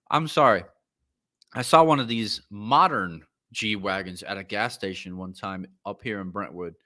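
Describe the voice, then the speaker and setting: Blunt, profane podcast host, bright voice. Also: male voice, fairly low pitch. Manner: blunt, profane, opinionated, rants loudly then apologizes. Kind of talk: casual ranting commentary.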